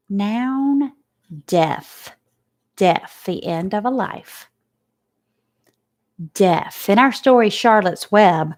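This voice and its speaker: Woman teacher, very slow and deliberate phonics lesson for kids, sounds out each letter. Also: mid-range voice, darkish tone. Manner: asks questions and praises. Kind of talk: spelling lesson for children.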